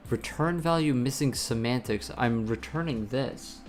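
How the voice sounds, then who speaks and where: A man's voice: mid-range voice, measured pace. A man streaming himself programming, muttering and swearing in exasperation as he reads error messages aloud. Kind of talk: frustrated live-coding commentary. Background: soft lo-fi music and keyboard typing.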